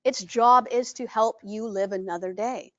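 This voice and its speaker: A high-pitched woman teaches a workshop audience, animated and lively in delivery. She keeps checking whether the room is following her. The recording sounds dull and lo-fi. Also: normal speed. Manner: animated, acts out greetings in a bright voice; asks the audience frequent check-in questions. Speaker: trainer. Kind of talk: live workshop presentation.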